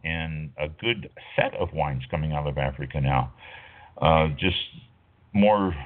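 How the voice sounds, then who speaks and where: A man's voice: deep voice, phone-quality sound. A middle-aged man hosting a wine talk show, rambling casually with lots of fillers and stopping to correct himself. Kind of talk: casual talk radio monologue.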